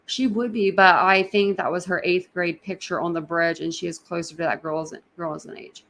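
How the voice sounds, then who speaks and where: A woman hosting a casual livestream, talking in a rambling way with lots of fillers and quick laughs. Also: on the low side, vocal fry, fairly bright tone. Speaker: livestream host.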